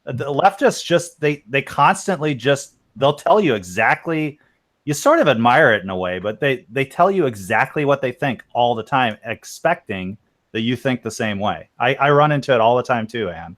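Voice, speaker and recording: A man's voice: medium pitch, lively intonation, normal speed, fairly bright tone. A man co-hosting a casual podcast chat who teases the others wryly and laughs along. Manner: wry, teasing, laughs along. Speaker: podcast co-host.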